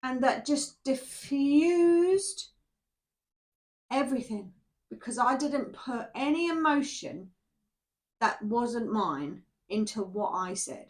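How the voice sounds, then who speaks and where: A woman talks her viewers through a tarot spread in a loose, rambling way, her voice sitting a little high. She keeps checking in with "yeah?" and "okay?" as she goes. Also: expressive, slow pace. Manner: chatty and rambling, often asking "yeah?". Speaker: tarot reader. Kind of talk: casual spoken tarot reading to camera.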